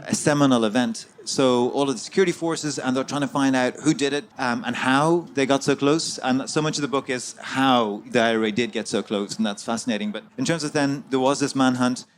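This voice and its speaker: A man, an author guest in an interview, recounting a story at length with many fillers and restarts. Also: medium pitch.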